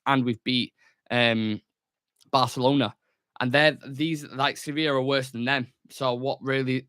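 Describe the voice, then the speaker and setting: A man's voice: mid-range voice, fairly bright tone, no echo, clean studio sound. A young man hosting a football fan news show alone, chatty and jokey, with lots of fillers. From England. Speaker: host of a football fan channel. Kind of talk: solo news show, casual chat. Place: small studio room.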